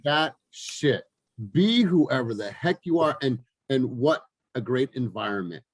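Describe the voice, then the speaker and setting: A man's voice: medium pitch, expressive, measured pace, slightly rough, dry recording. A man hosting a team video call, blunt and encouraging, with casual swearing. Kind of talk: motivational team talk.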